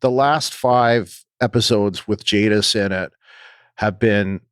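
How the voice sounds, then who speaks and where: A man co-hosting a podcast, talking casually and haltingly with many ums and restarts. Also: lowish voice, a bit bright, clear, resonant tone, dry recording, clean studio sound. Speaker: podcast co-host.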